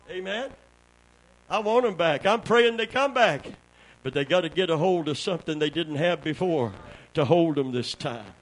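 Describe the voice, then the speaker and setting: A man preaching a sermon with a high, bright, forceful voice. He calls out to his congregation, drops to quiet asides and then climbs to shouted, ringing exclamations. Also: poor audio. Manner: call-and-response preaching, swings between quiet talk and shouted exclamations. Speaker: pastor.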